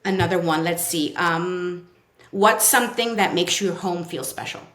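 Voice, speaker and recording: Guest: woman with a New York accent, slightly low voice, casual talk, roomy recording. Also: moderate pace, a bit bright. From Brooklyn. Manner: chatty, many fillers, acts out kids' quotes. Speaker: child psychotherapist guest. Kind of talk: casual podcast interview. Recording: roomy echo.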